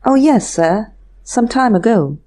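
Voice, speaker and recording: A humble, apologetic manservant who keeps calling his master "sir", as a woman reader puts him on. His voice sits higher and a little louder than the narration, yet stays mellow and unhurried. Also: expressive. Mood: polite. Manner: respectful, ends phrases with "sir". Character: deferential male manservant, polite and apologetic.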